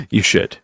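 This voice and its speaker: A man's voice: fairly bright tone, no room sound. A man hosting a radio show, joking and teasing in casual studio banter with an American accent. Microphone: studio mic.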